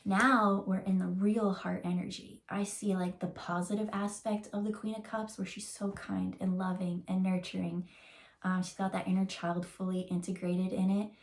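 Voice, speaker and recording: A woman talks through a tarot reading in a loose, rambling way, full of "like" and "um" as she searches for words. She gets emotional and slows down to draw out the words she wants to stress. Her voice sits at an ordinary middle pitch for a woman. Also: flat delivery. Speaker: tarot reader. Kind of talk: casual channeled tarot reading.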